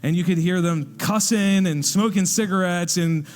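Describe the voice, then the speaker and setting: A man preaching a sermon, telling a story and acting out the people in it with lively narration. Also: high-pitched, moderate pace, in a large hall. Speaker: pastor. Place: church hall.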